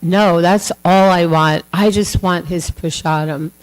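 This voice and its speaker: A woman's voice: fairly low pitch, fairly even intonation, measured pace, lightly acted, low-quality recording. A woman voicing a devoted goddess wife who speaks earnestly and fretfully.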